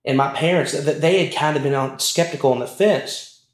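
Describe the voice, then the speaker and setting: A man's voice: on the high side, a little fast. A young man casually telling a family story, rambling with many fillers and restarts. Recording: roomy echo.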